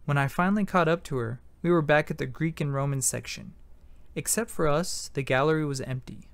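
A man narrating an amateur audiobook in first person, plain and matter-of-fact. His voice sits slightly high with a gravelly, fry-tinged texture. The sound is dry and close. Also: brisk, no echo.

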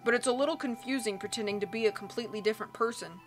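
A woman reading an audiobook, voicing a teenage girl who is deliberately lowering her voice to disguise it. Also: faint music behind, close to an everyday voice. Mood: uneasy. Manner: deliberately lowered, careful delivery. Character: teenage girl faking a low voice.

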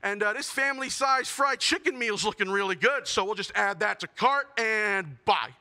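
Bright high-voiced young male comic. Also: moderate pace. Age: young adult. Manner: self-deprecating, animated storytelling. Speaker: stand-up comedian. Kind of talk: stand-up comedy set.

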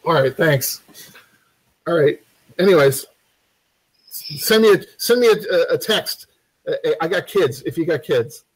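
A game dev teacher streams himself building a game, his husky, expressive voice fairly high for a man. He rambles, restarts often, fills pauses with ums and jokes with the chat, captured on a rough recording.

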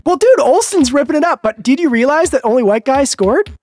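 A man co-hosting a let's play, excitedly commentating and yelling at the game. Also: very high voice, brisk. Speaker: co-host.

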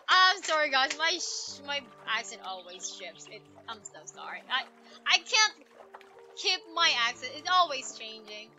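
A woman's voice: high voice, animated, normal speed, sharp tone, soft background music. A young woman streaming a game, playfully chatting, giggling and reading her chat aloud. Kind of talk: live let's-play commentary.

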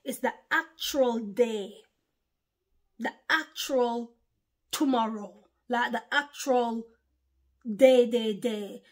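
Woman, 40s, emphatic repetitive preaching, fairly high voice. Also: takes it slowly. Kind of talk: informal online sermon.

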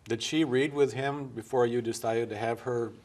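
A man interviewing guests about a film, asking measured, gently prompting questions. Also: medium pitch, steady tone.

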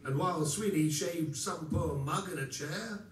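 Male folk singer, slightly higher voice, playful theatrical storyteller, recorded from the back of a reverberant hall. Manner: theatrical, playful, drawn-out singing. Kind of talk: live comic folk song with spoken patter. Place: live concert in a hall. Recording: echoey hall from far off with audience.

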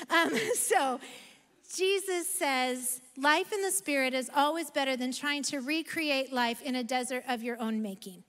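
A woman pastor giving an animated, emphatic sermon in a church sanctuary. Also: high voice. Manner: animated, emphatic preaching with self-aware asides. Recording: long reverb of a large hall.

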